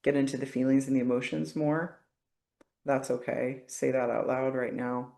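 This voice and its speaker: A woman facilitating a guided body-work session, coaching calmly and often checking in with "okay?". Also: rumbling low, moderate pace, vocal fry, echoey room.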